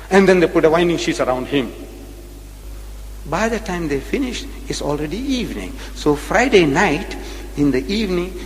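Male lecturer, rhetorical and repetitive, echoing hall sound. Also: a little high. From South Africa. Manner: rhetorical, repeats phrases, questions the audience. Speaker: religious lecturer. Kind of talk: public religious debate lecture.

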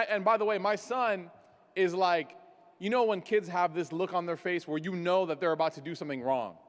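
A man with a notably high voice preaches to a gathered audience, weaving personal stories and wry jokes at his own expense into his message. His words ring out with a long, lingering reverb from a large hall. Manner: storytelling with self-deprecating jokes. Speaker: speaker. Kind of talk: religious talk at a gathering.

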